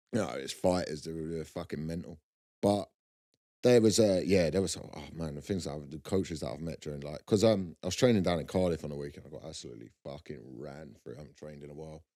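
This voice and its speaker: A man's voice: deep voice, warm tone. A man co-hosting a podcast, chatting loosely and laughing as he rambles through anecdotes. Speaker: podcast co-host, comedian. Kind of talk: casual banter.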